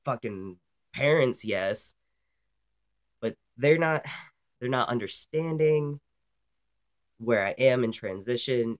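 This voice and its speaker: Blunt, profane young man vlogging. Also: fairly low pitch. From Canada. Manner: blunt, profane, rambling with many ums. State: sick. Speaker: vlog host. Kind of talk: casual vlog monologue.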